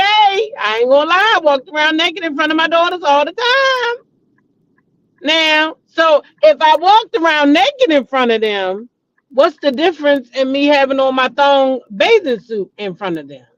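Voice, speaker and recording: A woman's voice: high-pitched, animated, normal speed, fairly bright tone. A middle-aged woman hosting a casual gossip chat. She talks animatedly, repeats names and breaks into dramatic exclamations. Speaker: host. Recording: dull lo-fi recording.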